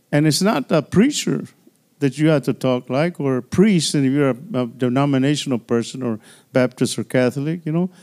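A man's voice: on the high side, darkish tone. A male pastor preaching a sermon in a loose, conversational way, full of "you know" and "hallelujah", often repeating and restarting words.

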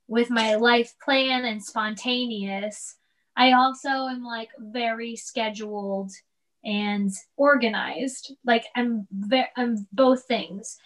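A woman in her thirties in casual chat as a mother, talking in a rambling, animated way with many restarts. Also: a little high. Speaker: guest, mother.

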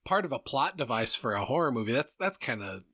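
A man's voice: medium pitch, sing-song, a little fast, sharp tone, slightly rough. A man co-hosting a podcast in casual chat, wry and joking, laughing along. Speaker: podcast co-host.

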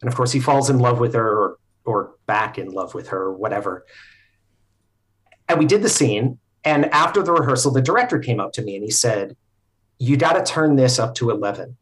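A man speaking as a podcast guest, telling stories in a thoughtful, explanatory way with frequent filler pauses. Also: medium pitch, expressive, fairly bright tone. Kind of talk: casual conversational storytelling.

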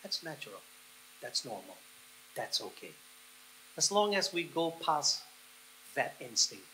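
Bright-toned man preaching a sermon. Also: mid-range voice, slight background noise, low-quality recording. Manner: guided imagery, slow and soft with long pauses, building to excited. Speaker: pastor.

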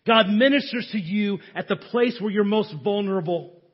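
A man with a high, husky voice delivers a sermon. He drops to near-hushed tones, then climbs to shouting. The recording is dull and lo-fi. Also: moderate pace. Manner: preaching with sudden swings from hushed to shouting. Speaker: pastor.

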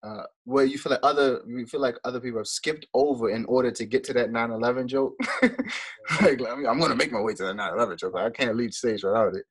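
A man hosts a casual interview at an ordinary pitch. He asks loose, winding questions and often affirms his guest. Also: steady tone, fast talker, husky. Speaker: podcast host.

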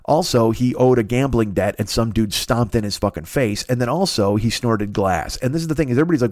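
A man's voice: medium pitch, quick pace, few pauses, a little mellow, no echo, studio quality. A man hosting a comedy podcast, delivering a profane comic rant full of swearing and mocking impressions.

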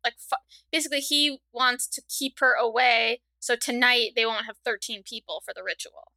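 A woman co-hosting a podcast, chatting casually about a film and chiming in easily between the other host's runs. her voice is bright and a bit high, recorded dry and close. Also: fairly even intonation, normal speed, dry recording, rough recording. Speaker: podcast co-host. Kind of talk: casual movie discussion.

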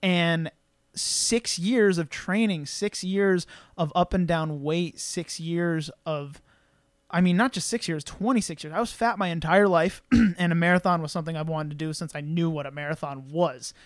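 A man's voice: a little high, measured pace, dry recording, clean studio sound. Earnest man telling a personal story. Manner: emotional, earnest, lots of fillers and restarts. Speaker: podcast host.

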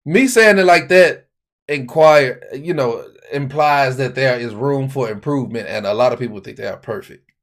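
A man's voice: medium pitch, moderate pace. A man co-hosting a podcast in casual chat, talking bluntly and straight. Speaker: podcast co-host.

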